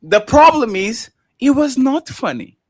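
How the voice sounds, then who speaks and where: A man in casual opinion talk on a streamed panel, animated and emphatic, often slipping into mocking impressions. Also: extremely high pitch, a little slow, no room sound, clean studio sound. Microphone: streaming microphone.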